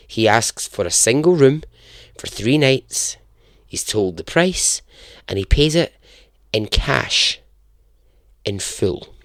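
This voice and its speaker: A man's voice: mid-range voice, dry recording, studio quality. A man hosting a podcast, telling a true story in a chatty, self-deprecating way and chuckling at his own jokes. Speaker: podcast host. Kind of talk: casual storytelling narration.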